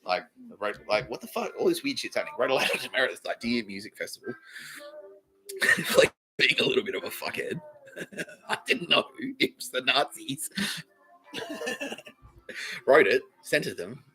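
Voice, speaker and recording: Australian man, podcast host, rambling comic monologue, swings his pitch up and down a lot, frequent laughs. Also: very animated, normal speed, pushed and bright, poor audio. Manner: profane, laughs mid-sentence, restarts often.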